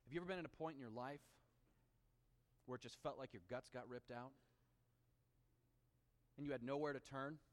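A man preaching a sermon, reading scripture aloud and swinging between animated emphasis and hushed, intimate asides. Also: medium pitch, moderate pace, long pauses, big-room sound. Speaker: pastor.

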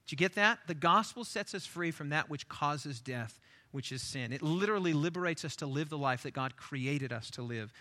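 Bright-voiced emphatic man preaching. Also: on the high side, lively intonation, normal speed. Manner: emphatic, repeats key phrases for stress; stammers on restarts when speaking off the cuff. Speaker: pastor. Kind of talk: sermon.

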